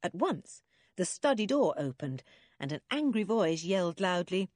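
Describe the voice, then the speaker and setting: A woman's voice: lowish voice, big pitch swings, moderate pace, a little mellow, no echo, clean studio sound. A woman narrating a children's storybook, reading expressively.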